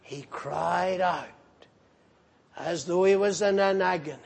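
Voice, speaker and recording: A male preacher with a high voice, asking questions and answering them himself. He speaks very slowly and emphatically, repeating key words as he drives each point home. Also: vocal fry. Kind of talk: sermon.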